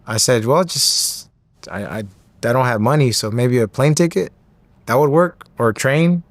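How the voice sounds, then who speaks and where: In a dry recording, a man in his thirties, an interview guest, takes his time telling an animated story. Along the way he acts out what others said, his pitch climbing on the quoted voices.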